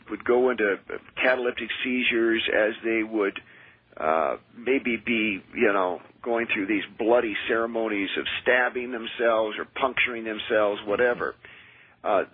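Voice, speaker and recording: A man who is a minister and exorcist, telling his experiences in an earnest, measured way as a radio interview guest. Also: fairly low pitch, breathy edge, dry recording. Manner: earnest, measured, with frequent restarts. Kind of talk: radio interview, personal storytelling. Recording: tinny dry phone line.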